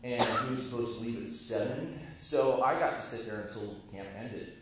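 A man's voice: mid-range voice, normal speed, background noise. A young man telling a funny personal story on stage before a live audience, laughing at himself and acting out other people's voices. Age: young adult. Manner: self-mocking, laughing, acts out voices of others. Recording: echoey hall from far off, live crowd.

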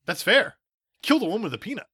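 A man's voice: sits high, sing-song, fast talker, sharp tone, husky, dry recording, studio quality. A man co-hosting a podcast, casual and sarcastic, laughing often and sounding a little tipsy. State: slightly tipsy. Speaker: podcast co-host. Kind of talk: casual comedic chat.

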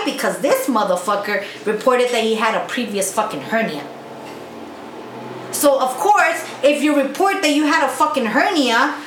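A woman's voice: high-pitched, a bit bright, slight background noise. A woman co-hosting a casual podcast, telling a work story in a blunt, profane rant full of mocking quotes. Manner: blunt, heavy swearing, rants with mocking quotes. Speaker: podcast co-host. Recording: echoey room with faint ambience.

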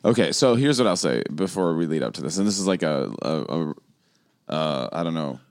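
A man's voice: a bass voice, animated, fairly quick, a little mellow. A man co-hosting a podcast in casual chat, who talks intensely and animatedly, laughing often. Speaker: podcast co-host.

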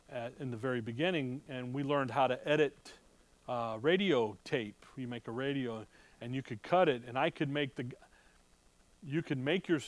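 With no echo around his medium-pitched voice, a Bible teacher talks informally through a sermon to a room of listeners. His style leans on rhetorical questions and wry side comments.

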